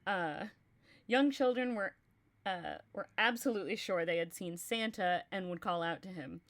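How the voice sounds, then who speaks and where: Young woman reading a story out loud on stream, middle pitch, steady reading. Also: moderate pace. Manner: reads steadily, breaks into laughter and chat between passages. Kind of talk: reading a horror story aloud on a livestream.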